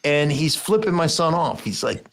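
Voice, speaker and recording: A middle-aged man chatting on a sports podcast, full of stories and put-on voices. His voice sits a little high and swings widely in pitch as he acts things out. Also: normal speed, gravelly. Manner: animated storyteller, acts out voices in big jumps of pitch. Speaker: podcast host, former football player. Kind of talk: casual sports chat.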